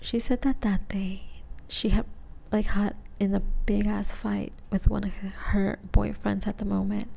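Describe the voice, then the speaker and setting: A young woman whispers a rambling ASMR story while high, her voice gravelly and dark. She drifts between soft whispers and murmured speech, loose and slangy. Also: level tone, unhurried, few pauses. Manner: rambling, casual, peppered with "like" and swearing.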